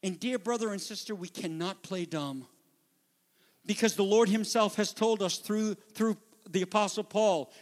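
A man preaching a sermon as pastor, moving between hushed, near-whispered passages and urgent, rising appeals to his congregation. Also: high voice, moderate pace. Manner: dramatic, drops to a near whisper for quiet passages and rises to urgent calls. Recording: long hall reverb.

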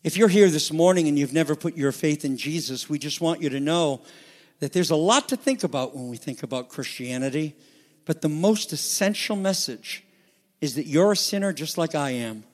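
A man preaching a sermon to a congregation, asking them questions, building to loud, high emphasis and then dropping soft. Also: lively intonation, normal speed. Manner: asks the congregation rhetorical questions. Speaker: pastor. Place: church sanctuary. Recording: reverberant hall.

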